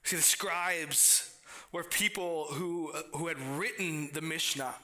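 A man's voice: on the high side, slow, sharp tone. A man preaching a sermon in a conversational way, with frequent restarts and playful asides. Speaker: pastor.

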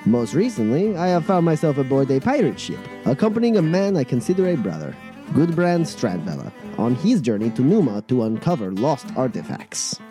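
A man's voice: mid-range voice, big pitch swings, a little fast, music in the background, lightly acted. A man voicing a proud, seasoned male swordsman giving a grand, declaiming introduction of himself for an audio role-play. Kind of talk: scripted character introduction.

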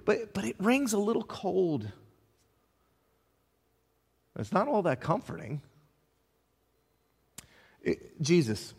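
Impassioned high-voiced pastor in echoing hall. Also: male voice. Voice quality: impassioned, with dramatic swings in loudness and repeated words. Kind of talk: sermon. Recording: long hall reverb.

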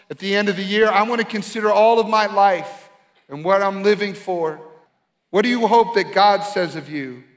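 A middle-aged man preaching a sermon as a pastor, earnest and building to a shouted exhortation. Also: high-pitched. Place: church sanctuary. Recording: long hall reverb with faint music.

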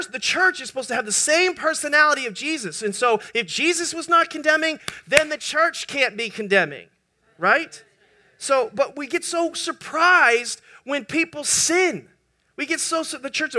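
A male pastor preaching a sermon in an animated way, joking with his congregation. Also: very high-pitched. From United States.

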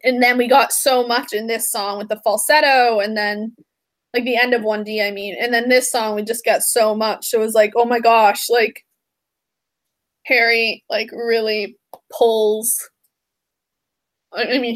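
Chatty young woman, slightly high voice. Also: little pitch movement, moderate pace. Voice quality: enthusiastic, chatty, filler-heavy. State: eating while talking. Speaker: podcast co-host. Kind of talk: casual chat.

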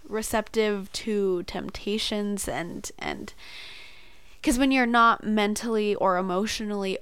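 A woman's voice: medium pitch, vocal fry, clean tone, no room sound. A young woman co-hosting a podcast, speaking candidly and hesitantly, with fillers. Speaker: podcast co-host. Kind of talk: casual chat.

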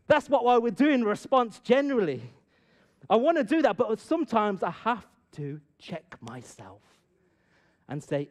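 A middle-aged man telling a personal story to an audience and drawing a lesson from it, swinging from loud bursts to hushed asides. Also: extremely high pitch, sing-song, normal speed. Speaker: speaker addressing an audience. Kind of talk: storytelling talk with a moral.

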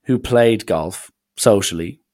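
A man's voice: on the low side, takes it slowly, darkish tone. A young man, rambling sardonically through a casual solo podcast. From Ireland. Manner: sardonic, rambling, mock-serious. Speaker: podcast host.

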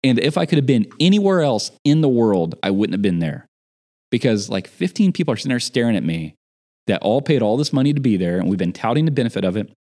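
A man's voice: medium pitch, quick pace. Guy telling a story in casual chat, voice bouncing up and down a lot. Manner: animated storyteller. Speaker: podcast guest.

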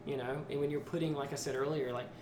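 A man's voice: a little high, steady tone, fast. A man hosting a podcast, chatting in a reflective, conversational way. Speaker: podcast host. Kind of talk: casual interview chat. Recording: echoey noisy room.

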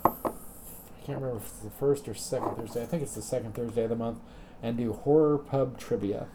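A man guesting on a podcast, talking in a thoughtful, hesitant casual chat with frequent pauses. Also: mid-range voice, background noise. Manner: thoughtful, hesitant, many uh fillers.

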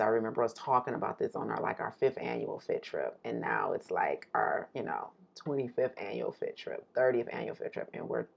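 This woman has a very low voice with a gravelly edge. She co-hosts a podcast and chats casually, rambling in an animated way and laughing often. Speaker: podcast co-host. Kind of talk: casual chat, imagining the future.

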